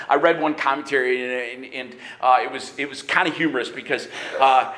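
A man preaching a sermon in an animated way, sometimes raising his voice and acting out quick bits of dialogue. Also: mid-range voice, echoey room. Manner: animated preaching with bursts of shouting; acts out dialogue in quick asides. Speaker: pastor.

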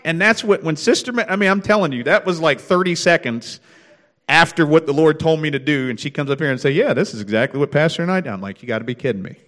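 A man with a slightly higher voice gives a short sermon. He talks in earnest, exhorting tones and pushes ahead in quick bursts. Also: animated, fairly bright tone. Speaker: preacher.

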